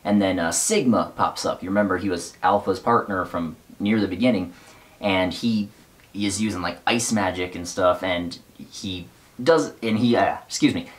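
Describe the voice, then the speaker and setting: A man casually recapping and reading from a novel, rambling with fillers and wry asides. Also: lowish voice.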